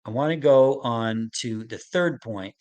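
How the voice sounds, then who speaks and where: Middle-aged male expert, gentle webinar lecture, repeats key points, asks if it makes sense. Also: mid-range voice. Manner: explains slowly with repeated phrases and acted examples; gentle, checks in with listeners. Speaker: autism expert presenting a webinar.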